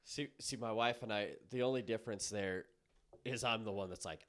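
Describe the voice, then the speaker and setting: A very deep-voiced man in his thirties co-hosts a casual podcast chat. He talks bluntly and swears freely. He moves between low, quiet asides and sudden loud bursts. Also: a little fast. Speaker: podcast co-host.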